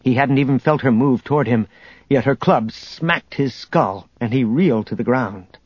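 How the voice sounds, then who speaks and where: A man narrating an adventure audiobook in a steady, measured storytelling manner, on a dull lo-fi recording. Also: medium pitch, no echo. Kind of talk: scripted narration.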